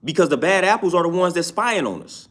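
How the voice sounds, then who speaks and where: High-pitched, brisk, and a bit bright, a man's lively voice carries casual opinion talk on his own YouTube show. He repeats himself emphatically and keeps asking "you know what I'm saying."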